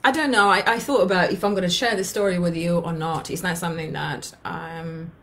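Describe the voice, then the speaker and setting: A woman's voice: on the low side, fairly even intonation, a little fast, fairly bright tone. A woman in her thirties, an anxiety coach, talking to her viewers in an earnest, blunt way and swearing freely. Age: 30s. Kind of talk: emotional coaching talk to viewers.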